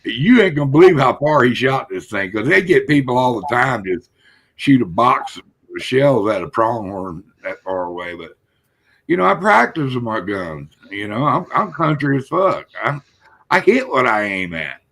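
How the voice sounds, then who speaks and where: Older South Texas host, gravelly, folksy storyteller. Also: male voice, medium pitch, sing-song, moderate pace, a bit bright. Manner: folksy, swears casually. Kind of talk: casual storytelling chat.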